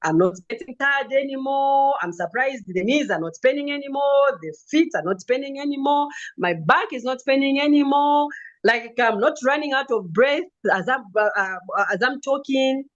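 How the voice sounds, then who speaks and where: A woman telling her own story as a vivid, animated testimonial. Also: sits high, moderate pace, highs cut off. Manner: vivid storytelling with acted quotes and laughs. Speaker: customer giving a testimonial.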